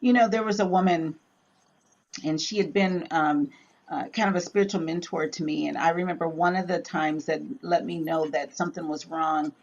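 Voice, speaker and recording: A woman co-hosting a casual Bible study chat, telling lively stories and acting out quoted lines in different voices. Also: low-pitched, moderate pace, highs cut off. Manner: animated storyteller, acts out quotes in voices.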